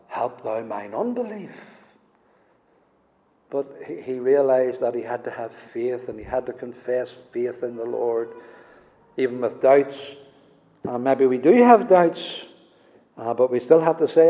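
A man preaching a sermon, building to loud, emphatic passages and then falling very soft, with slow, deliberate delivery and scripture quotations. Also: mid-range voice. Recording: dull lo-fi sound with long hall reverb.

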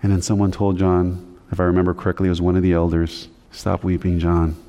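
A male pastor giving a conversational teaching sermon, his voice climbing higher when he stresses a point. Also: little pitch movement, fast, mellow. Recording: long hall reverb.

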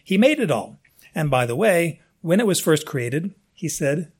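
A man with a fairly high voice preaches a sermon, talking as if chatting with his congregation. He trails into asides, restarts his phrases and leaps upward in pitch when he stresses a point. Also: measured pace, husky. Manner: conversational and digressive, with frequent restarts and asides; animated, with big swings in pitch for emphasis. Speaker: pastor.

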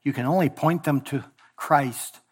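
A male pastor preaching a sermon in a church, voicing scripture and God's words with swings from loud emphasis to hushed tones. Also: on the high side, unhurried, slightly rough. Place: church sanctuary.

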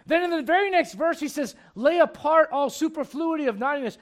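Preaching a rousing sermon in church, a man often questions his congregation in a very high, animated voice at a brisk pace.

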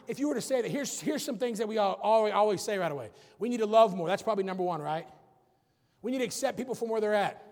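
A man preaching a sermon as pastor, calling out to the congregation and building to shouted points. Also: high voice. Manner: preachy, rising to shouts, calls for audience response. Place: large church sanctuary. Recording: long hall reverb.

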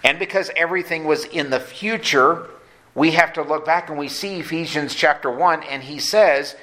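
A pastor preaching a sermon. He is earnest and slows down to stress key points. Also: fairly high pitch, pushed and bright. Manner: earnest preaching, slows down for emphasis, acts out quoted voices.

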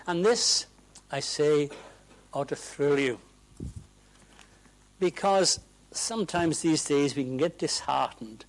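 Emphatic preacher, raised voice. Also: male voice, fairly high pitch, slow pace, long pauses, rough recording. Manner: emphatic, swings from hushed asides to loud ringing proclamations. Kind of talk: sermon. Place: church.

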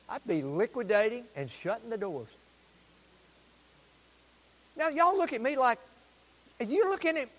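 A man preaching a sermon as pastor in a church, exuberant, with loud proclamations. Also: sits high. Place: church sanctuary. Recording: long reverb of a church hall.

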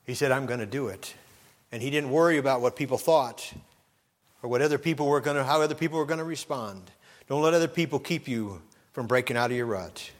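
A middle-aged male pastor preaching a sermon, swinging from low, earnest talk up to loud, impassioned outbursts. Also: fast. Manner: preacherly, rises to loud impassioned shouts when quoting.

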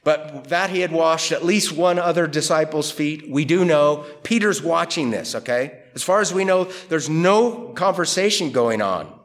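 A man's voice: fairly high pitch, moderate pace, hardly any pauses. A man preaching through a Bible passage verse by verse, conversational and emphatic, often asking rhetorical questions. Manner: lively, emphatic delivery. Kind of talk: expository Bible teaching.

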